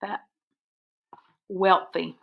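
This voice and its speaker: Slow, deliberate woman teacher. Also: medium pitch, fairly even intonation, vocal fry, highs cut off. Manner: slow, deliberate, breaks words into syllables. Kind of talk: phonics dictation lesson. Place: recorded for an online video lesson.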